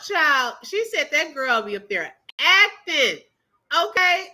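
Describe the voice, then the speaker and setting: A woman's voice: sits high, big pitch swings, slow, bright, forceful tone, poor audio. A woman hosting a reaction channel, reacting to clips in casual commentary, laughing often and exclaiming in drawling slang asides.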